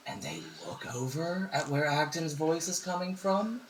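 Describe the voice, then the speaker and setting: A man's voice: a little high, normal speed, slight background noise. A man narrating a tabletop game as game master, hesitating with frequent ums. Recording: echoey room.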